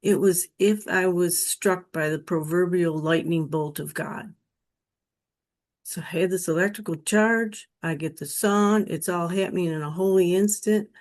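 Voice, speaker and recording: Woman, lowish voice, earnest, emotional, unhurried personal storytelling. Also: a little mellow. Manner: slow, earnest, emotional retelling. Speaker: guest telling her near-death experience.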